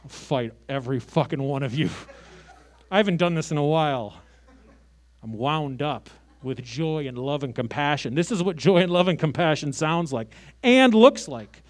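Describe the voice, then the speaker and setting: Stand-up comic in his late thirties, from Chicago; high voice, brash sarcastic delivery that jumps between loud and quiet. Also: expressive, normal speed. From Chicago, USA. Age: 30s. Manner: brash, sarcastic, big swings in loudness. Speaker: stand-up comedian. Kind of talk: stand-up comedy set.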